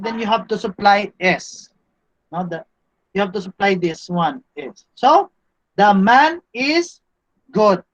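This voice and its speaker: A man's voice: high voice, a bit bright. A man with a Cebuano Filipino accent giving a classroom grammar lecture, patient and stopping to quiz his students. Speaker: Greek teacher. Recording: dull lo-fi classroom recording.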